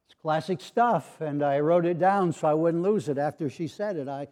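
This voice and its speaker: High-voiced older pastor telling stories. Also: male voice, moderate pace. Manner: storytelling, gently humorous, acts out quoted voices. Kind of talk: sermon.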